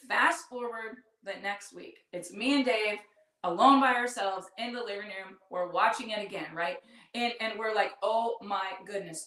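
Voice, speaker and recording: A woman's voice: mid-range voice, a bit bright. A middle-aged woman host telling a personal story in an earnest, heartfelt way, talking straight to her listeners. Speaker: podcast host. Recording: echoey room, distant mic.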